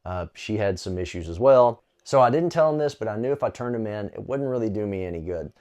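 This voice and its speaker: A man telling a personal faith story in a relaxed, conversational way, with frequent small fillers. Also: on the low side, fairly quick. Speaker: storyteller sharing a faith testimony. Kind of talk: casual spoken testimony.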